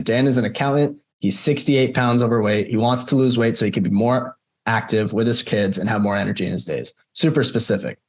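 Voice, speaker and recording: A young man coaching a group on a call, casual and chatty, with many fillers and repeated words. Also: medium pitch. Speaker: marketing coach presenting. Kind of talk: casual screen-share walkthrough on a call.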